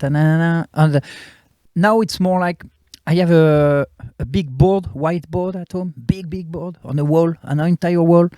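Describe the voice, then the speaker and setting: A young man with a French accent, a comedian chatting in halting non-native English and laughing often. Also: a little high, darkish tone, no room sound, clean studio sound. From France. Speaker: guest comedian. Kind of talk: casual chat.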